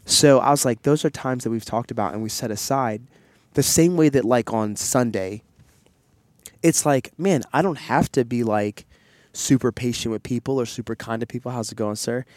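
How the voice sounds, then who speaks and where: A man's voice: medium pitch, normal speed, a little mellow, no room sound. A man hosting a podcast, telling a long personal story in a candid, rambling way, full of fillers and side remarks, recorded outdoors in public on a headset mic. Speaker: podcast host. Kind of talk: casual chat.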